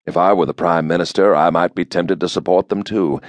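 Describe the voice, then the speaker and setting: A narrator puts on an older president whose voice is flat and nasal, with a rustic lilt. He speaks in dry, folksy understatements. The recording is dry and close. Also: low voice, fairly quick, dry recording, close to an everyday voice. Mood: wry. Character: weary older male president, plainspoken. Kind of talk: audiobook character voice.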